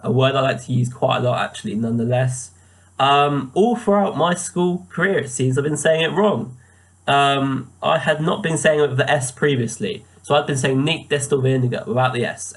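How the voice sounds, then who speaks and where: Young guy student going over his own pronunciation slips, lots of ums, average pitch, webcam mic. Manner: hesitant, many ums and uhs. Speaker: language student. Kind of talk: spoken self-review of pronunciation. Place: indoors, webcam recording. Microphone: built-in webcam mic.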